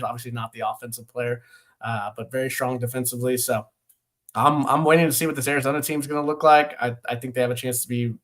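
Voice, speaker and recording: A man's voice: medium pitch, fairly bright tone. A man co-hosting a casual sports podcast, who laughs often, leans on fillers and keeps saying "man". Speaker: podcast co-host.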